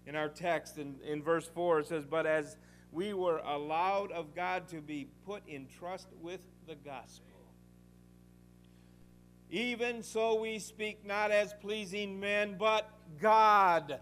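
An older man delivers a fervent sermon in a notably high voice. He preaches with emphasis, pressing rhetorical questions on his listeners and weaving in homespun stories, swinging between loud exhortation and quiet asides. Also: a little slow. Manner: folksy storytelling with rhetorical questions.

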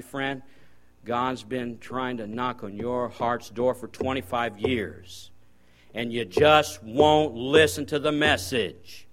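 A man preaching as a guest preacher, folksy storytelling with sudden loud bursts. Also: medium pitch, measured pace. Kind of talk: sermon.

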